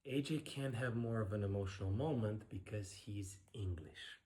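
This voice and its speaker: A man's voice: lowish voice, moderate pace, a little mellow. A middle-aged man, a professional ballroom dancer, giving blunt, sarcastic casual commentary while reacting to a dance show.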